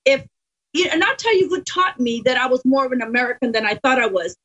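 A high-voiced woman talks with an earnest, emphatic push, her Californian accent coloring every phrase. She is a Spanish-speaking guest from the border country, and her voice comes through dull and muffled. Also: expressive, quick pace, fairly bright tone. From Mexico–Texas border. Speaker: political guest. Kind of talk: casual interview talk. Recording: muffled lo-fi audio.

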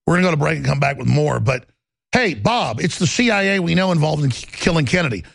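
A man rants through political commentary as a talk show host, angry and mocking. His voice sits high and swings wildly in pitch, with a gravelly edge. The studio sound is dry and close. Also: lively intonation, fast, no echo. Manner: angry, mocking, shouting rants with sneering impressions.

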